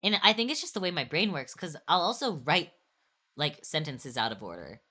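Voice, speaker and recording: A woman's voice: low-pitched, big pitch swings, moderate pace, bright, forceful tone. A young woman streamer chatting casually, rambling and restarting her sentences with little laughs. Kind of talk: casual chat on an art stream.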